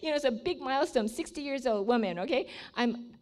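A woman of sixty giving a testimony sermon to a room of listeners, telling her story with animated storytelling and leading an earnest, pleading prayer. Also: high-pitched, brisk. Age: 60s. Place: room with a seated audience.

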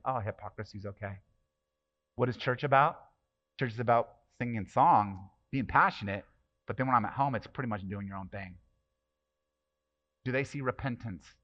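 A man's voice: medium pitch, a bit bright, highs cut off. A man preaching a sermon as pastor, passionate and emphatic, with many rhetorical questions.

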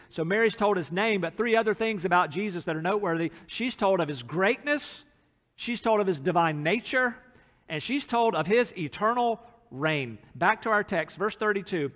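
A middle-aged male pastor preaching earnestly in a church sanctuary, his high voice carrying a long reverb from the large hall. He reads scripture aloud and explains it verse by verse. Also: moderate pace, fairly bright tone. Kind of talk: sermon.

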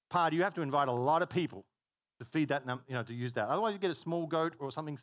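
A man preaching a sermon, telling stories in an animated way and laughing at his own jokes. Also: on the high side, quick pace, dry recording. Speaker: pastor.

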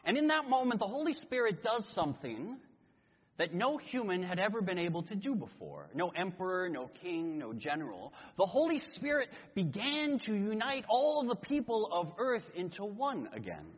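A man preaching a sermon, telling a story in an animated way and acting out voices. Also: high voice, moderate pace, breathy edge. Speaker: pastor. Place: church sanctuary. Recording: echoey hall, dull lo-fi sound.

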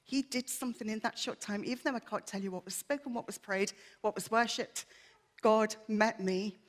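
A woman's voice: on the high side, normal speed. A woman giving a personal testimony to a church congregation, candid, chatty and self-deprecating, earnest and emotional.

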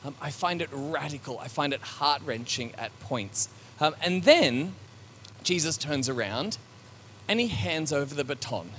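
A man's voice: a little high, lively intonation, a little slow, fairly bright tone, slight background noise. A man preaching a sermon to a congregation, thinking aloud in a loose, conversational way with frequent ums, restarts and reflective asides. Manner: conversational, with many fillers and restarts; reflective and searching.

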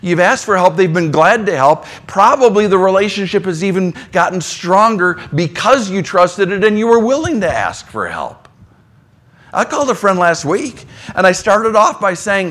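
A man preaching a sermon with a fairly high voice. He talks conversationally, dropping to quiet, low asides before rising again to make his point. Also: very animated, normal speed. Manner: conversational, swings between soft low asides and emphatic lines. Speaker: pastor.

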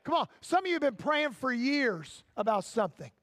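A man preaching a sermon in church, impassioned, firing off repeated rhetorical questions and rising to shouts. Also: extremely high pitch, sing-song, normal speed, dry recording, studio quality.

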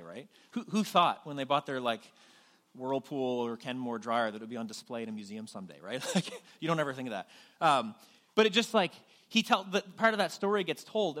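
A man's voice: fairly high pitch, a bit bright. A young adult man from New Brunswick, Canada, preaching as pastor in a conversational, self-deprecating way with frequent restarts. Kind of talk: sermon.

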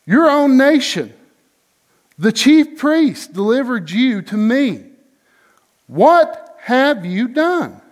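A stern Roman governor, read by a man in a raised, fairly high voice. He presses his questions slowly and with emphasis, as in a spoken scripture reading. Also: sing-song, exaggerated voice. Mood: questioning.

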